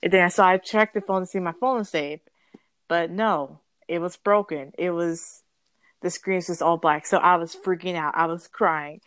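A woman's voice: fairly low pitch, steady tone, moderate pace, a bit bright, no echo. A young woman telling a story in a bubbly, rambling way, often correcting herself and giggling. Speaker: guest storyteller. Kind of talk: casual storytelling.

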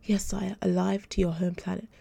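Woman reading as fearful groveling immortal servant, gravelly, dark tone. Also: medium pitch, level tone, moderate pace, no room sound.

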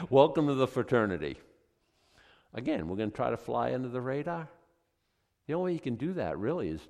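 A male pastor giving a conversational sermon, animated and chatty, full of rhetorical questions, in a church sanctuary. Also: fairly low pitch. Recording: long reverb from a hall.

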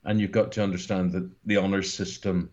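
Deep and fairly quick, with a level, darkish tone, this man in his sixties from Northern Ireland is a guest broadcaster giving casual interview talk. He rambles in an earnest, emphatic way, and the audio has its highs cut off.

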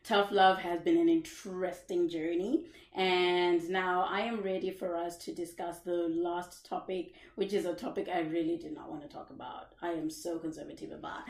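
A woman's voice: on the low side, fairly even intonation, normal speed, vocal fry, darkish tone, reverberant, far from the mic. A young woman hosting a casual live podcast, chatting, laughing often and greeting viewers by name. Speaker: podcast host. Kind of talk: casual live-stream chat.

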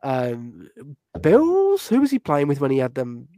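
A man's voice: mid-range voice, huge pitch swings, a little slow, mellow, dry recording. A man co-hosting a casual sports podcast, chatty and self-deprecating, laughing often. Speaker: podcast co-host.

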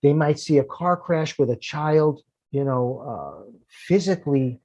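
A man's voice: fairly high pitch, a little slow, warm tone, slightly rough, no echo, dull audio. A man, a firefighter and podcast guest, telling emotional personal stories earnestly, often repeating words when moved.

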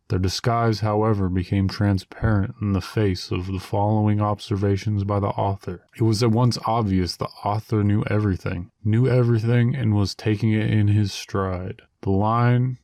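Man reading an audiobook, low mellow voice, dry deliberate delivery. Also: no room sound. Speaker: reader. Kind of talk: audiobook narration.

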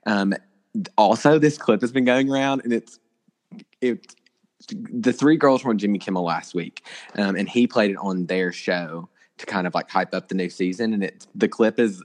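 A man's voice: lowish voice, normal speed. A young man co-hosting a podcast, chatting casually about celebrity gossip with lots of filler words. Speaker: podcast co-host.

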